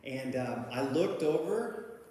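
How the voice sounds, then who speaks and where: With a warm tone and medium pitch, an animated man speaks slowly as he shares a personal recovery story. He laughs at it himself, and his rambling, casual talk is full of fillers and restarts. Slight background noise mixes with the long reverb of a very echoey hall.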